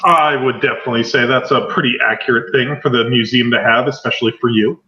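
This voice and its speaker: A man's voice: medium pitch, steady tone, fast talker, sharp tone, dull audio. Echoey rambling male game master. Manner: loose, filler-heavy narration. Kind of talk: narrating a tabletop game.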